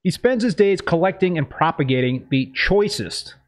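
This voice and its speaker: An upbeat male host with a voice pitched a bit above the usual, welcoming viewers to his live stream. He reads a prepared intro, then drifts into loose, casual chat with his guest. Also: animated, moderate pace. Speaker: host of a live-streamed reef-keeping show.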